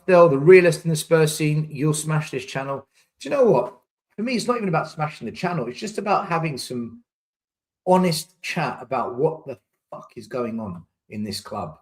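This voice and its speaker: A man hosting a casual live chat, ranting in exasperation and repeating words for emphasis. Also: mid-range voice. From England. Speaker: fan channel host reading live chat.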